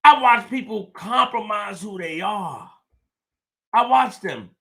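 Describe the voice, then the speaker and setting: A male host talking to viewers on a livestream, repeating himself and swinging from low muttering to shouting. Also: lively intonation, takes it slowly, creaky. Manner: repetitive, emphatic. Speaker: show host.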